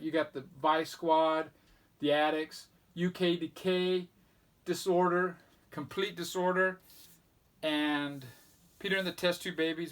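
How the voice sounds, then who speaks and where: A man with a slightly raised pitch talks through a stack of records in a loose, casual way. He rambles a bit and lists band after band with plain enthusiasm, like he's showing a friend his collection. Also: fairly bright tone. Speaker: record collector vlog host. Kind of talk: casual record show-and-tell.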